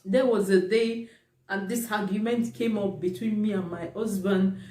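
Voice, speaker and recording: Woman vlogger, warm low-key timbre, emphatic, echoey room recording. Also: fairly even intonation, moderate pace, slight background noise. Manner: emphatic, repeats points for stress. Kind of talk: casual talk to camera. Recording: roomy, distant from the mic.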